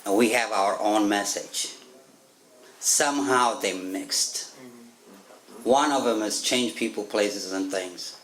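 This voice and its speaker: In a meeting room with echoey acoustics and faint ambience, a man from Africa with an African accent gives his personal testimony at a recovery meeting. His voice is fairly low and a bit bright, and he speaks slowly with frequent pauses, laughing often and acting out quotes as he tells his story.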